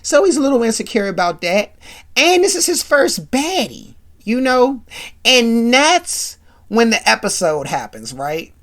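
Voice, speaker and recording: In a high-ish voice and at a slightly slow pace, a female podcast host rambles through a casual episode recap. She's animated and keeps wandering into asides.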